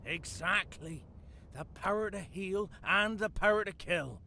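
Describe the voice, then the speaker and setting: An actor voicing a dead older English gardener with a West Country accent, dry and darkly playful, in a video game. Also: male voice, sits high, measured pace, pushed and bright, slight background noise, heavily acted. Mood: sly. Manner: wry, theatrical, darkly playful.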